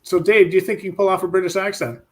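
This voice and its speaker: A man's voice: sits high, flat delivery, rapid-fire. A middle-aged man hosting a casual online reading session, laughing often and stumbling over names. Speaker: host. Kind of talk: casual livestream chat.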